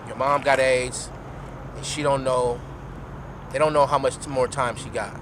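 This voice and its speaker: Young man, podcast guest, slangy heartfelt storyteller, halting delivery, road traffic noise behind. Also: mid-range voice, steady tone. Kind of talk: storytelling in casual chat. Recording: noisy traffic in background.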